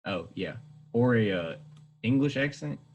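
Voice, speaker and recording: Husky young man rambling on a podcast. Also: mid-range voice, lively intonation, a little slow, dull audio. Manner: rambling, hedging, self-correcting. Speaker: podcast co-host. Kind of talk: casual chat.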